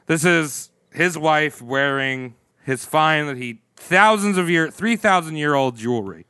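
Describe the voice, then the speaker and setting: A man's voice: fairly high pitch, animated, unhurried, bright, forceful tone, smooth, no echo. A man hosting a podcast, telling a history story in loose, jokey casual chat, laughing and swearing often. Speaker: podcast host.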